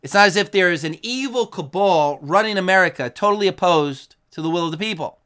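A man with a fairly high voice preaches in earnest, pressing his points home. He reads out verses and quotes in a steady, emphatic delivery. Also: brisk, clean tone. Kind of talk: sermon with scripture and news quotes.

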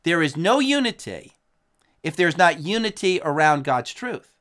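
A man's voice: high voice, fairly bright tone. A man preaching a sermon in an earnest, emphatic way, reading out scripture and quotes between his own points.

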